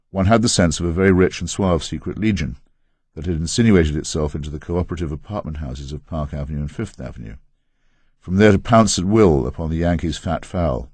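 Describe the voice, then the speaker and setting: An English man narrating his memoir as an audiobook in a wry, measured, ironic way. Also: extremely low pitch, a little mellow, slightly rough, no room sound, clean studio sound. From England.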